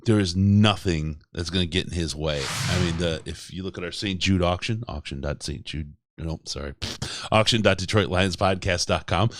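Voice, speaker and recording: A man's voice: low-pitched, normal speed, hardly any pauses, a bit bright, no echo, clean studio sound. A man hosting a casual sports podcast, rambling and joking and laughing often. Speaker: podcast host.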